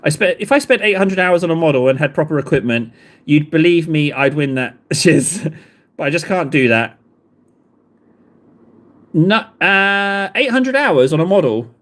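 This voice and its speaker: A man's voice: on the high side, expressive, normal speed, fairly bright tone. A man, chatting casually with live viewers in a rambling, self-deprecating way. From England. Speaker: livestream host.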